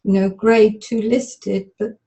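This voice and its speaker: A woman volunteering in a therapy demonstration, tearfully recalling a memory aloud in the present tense with halting, stop-start phrasing over webinar call audio. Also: medium pitch, flat delivery, warm tone, poor audio. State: tearful, emotional.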